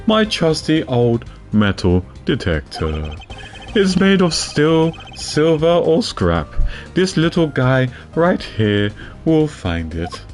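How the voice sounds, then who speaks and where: Guy putting on a goofy eager detective voice, kinda low, bragging then stumbling over his words. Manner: folksy, boastful, stammering when caught. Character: bumbling loyal male detective, eager and sheepish.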